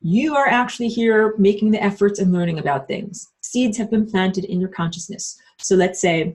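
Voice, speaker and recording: A bubbly woman runs a live-streamed lesson, chatting with her viewers. She talks loosely, with plenty of "like" and "um", and slips into squeaky high voices when she quotes people. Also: moderate pace, a little mellow. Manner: many fillers like "like" and "um". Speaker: online spiritual course teacher.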